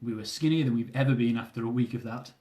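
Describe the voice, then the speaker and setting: A man's voice: medium pitch, fast talker, darkish tone. A young man reading aloud from his own travel memoir, with dry, self-mocking humour.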